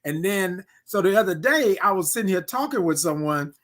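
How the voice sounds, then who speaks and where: A chatty Houston, Texas host keeps his morning livestream casual, reading comments from viewers aloud and ending lines with "right?" or "y'all." His voice sits high and fairly bright, with lively intonation at a normal speed, and he speaks into a desk mic he can move aside.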